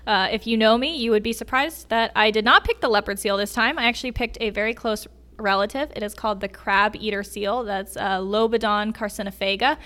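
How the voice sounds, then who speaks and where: Bright, lively woman telling animal stories. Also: medium pitch, a little fast. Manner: enthusiastic, laughs while telling stories. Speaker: podcast guest, animal expert. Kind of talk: casual storytelling chat.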